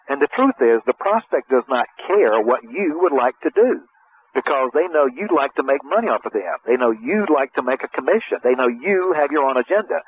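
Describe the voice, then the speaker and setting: A folksy middle-aged man explains sales technique over a tinny, phone-like line with a faint hiss. He talks in an easy, conversational way and slips into lively acted-out exchanges. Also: medium pitch, fairly quick. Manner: folksy, animated, acts out sales dialogue in raised voice. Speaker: sales trainer. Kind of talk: conversational coaching talk.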